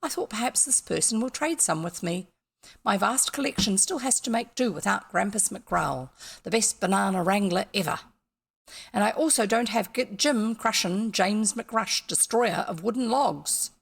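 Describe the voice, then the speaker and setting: A woman's voice: medium pitch, animated, normal speed, gravelly, slightly rough. A woman reading a grumpy male game villager's lines aloud without putting on an accent. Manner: read aloud from on-screen dialogue, no accent attempted.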